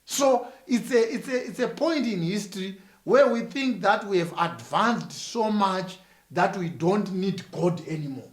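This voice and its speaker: A man's voice: high voice, animated, unhurried, roomy sound. A man with a Zimbabwean accent, a church minister answering interview questions in an emphatic, sermon-like way, repeating phrases with rising force.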